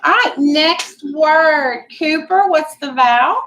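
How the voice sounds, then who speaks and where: Slow, bright-voiced woman teaching phonics. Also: high-pitched, lively intonation, low-quality recording. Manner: patient, clear, drawn-out instructional speech. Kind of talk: classroom phonics lesson. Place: classroom.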